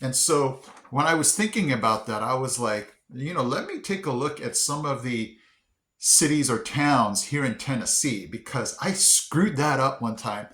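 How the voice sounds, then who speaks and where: An upbeat man hosts his own vlog in a relaxed, chatty way and is quick to laugh at his own mistakes. His voice sits at a middling pitch for a man. The room around him gives it a noticeable echo. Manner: upbeat, chatty, self-deprecating. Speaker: vlog host. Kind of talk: casual vlog chat. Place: indoor room. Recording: roomy echo.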